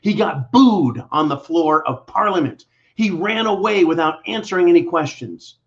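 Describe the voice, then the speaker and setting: A man with a fairly high, expressive voice hosts a political commentary show, delivering an angry monologue to viewers at a normal speed. His manner is blunt, combative and sarcastic, and the audio is dull and lo-fi.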